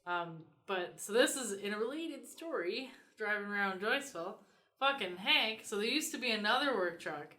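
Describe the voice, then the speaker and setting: A woman's voice: mid-range voice, normal speed. A young woman, co-hosting a podcast and animatedly telling a story, swearing freely. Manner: animated, swears freely, acts out quoted voices. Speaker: podcast co-host. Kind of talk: casual storytelling chat. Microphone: podcast microphone.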